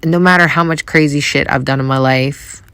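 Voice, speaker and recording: A woman from Canada hosting a podcast, telling a personal story in a soft, reflective way with many hesitations. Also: deep voice, steady tone, normal speed, smooth, no echo. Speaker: podcast host.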